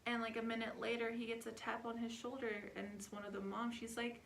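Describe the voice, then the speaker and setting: A woman's voice: fairly high pitch, flat delivery, brisk, creaky, few pauses, a bit bright, slight background noise. A young adult woman telling a family story in a casual, chatty vlog style, full of filler words. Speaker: vlogger.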